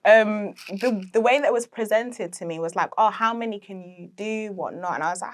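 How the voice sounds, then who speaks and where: A young woman who founded an interior decor business is a guest on a podcast, telling stories in a casual interview. Her voice is medium-pitched and moves at a normal speed with hardly any pauses. She's chatty, uses lots of fillers, and laughs often.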